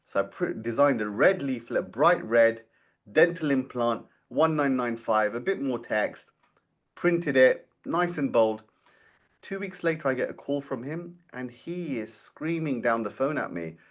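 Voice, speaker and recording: Guest voice: man in his forties, animated storyteller who acts out quotes, medium pitch. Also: measured pace. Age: 40s. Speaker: guest, dental marketing founder. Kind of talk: storytelling interview.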